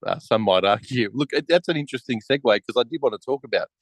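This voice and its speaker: A man's voice: mid-range voice, expressive, quick pace, no echo, poor audio. A man hosting a casual podcast chat over a remote call, asking questions in a wry, mock-serious way. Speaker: podcast host.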